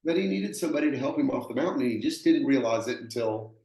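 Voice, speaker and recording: A roofing contractor with a Texan accent tells stories conversationally in a gravelly yet mellow, mid-range voice that is expressive and quick. He speaks earnestly and plainly, often repeating himself, and the room sounds echoey.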